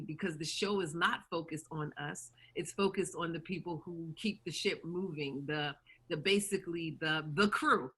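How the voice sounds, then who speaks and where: A woman voice actor chatting as an interview guest, animated, who slips into character voices as she talks. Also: on the low side, breathy edge. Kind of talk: interview chat.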